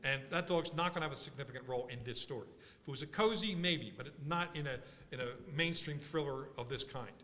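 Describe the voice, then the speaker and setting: A man from Philadelphia giving a conference workshop talk, animated and thinking aloud with frequent restarts. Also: mid-range voice, fast talker, slight background noise. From Philadelphia, USA. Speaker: workshop speaker. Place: large conference hall. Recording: conference hall reverb.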